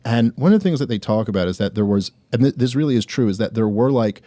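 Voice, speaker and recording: A man as a guest in an interview, talking casually, agreeing quickly and making his case with examples. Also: mid-range voice, lively intonation, mellow, dry recording. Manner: casual, quick agreeing, argues with historical examples, laughs easily. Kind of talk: conversational interview.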